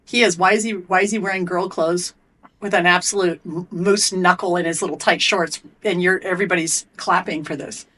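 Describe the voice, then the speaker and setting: A woman's voice: lowish voice, brisk. A middle-aged woman, an athlete and coach, telling a story bluntly and with lots of swearing as a podcast guest. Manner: blunt and profane, animated retelling. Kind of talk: candid storytelling in a podcast interview.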